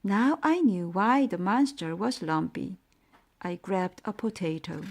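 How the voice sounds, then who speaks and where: A woman narrating a bedtime story in a clear, storytelling manner. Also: medium pitch, animated, unhurried, slight background noise.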